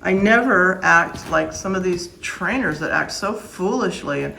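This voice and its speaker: A dog breeder talks firmly and emphatically about caring for new puppies in a casual vlog, plain-spoken and strict. Her lowish voice is animated, creaky, and sharp at a measured pace, with faint background noise and a rough recording.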